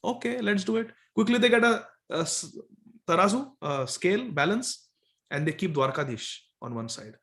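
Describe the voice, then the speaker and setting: A man telling a devotional story as a sermon, animated and often chuckling. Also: fairly high pitch, normal speed.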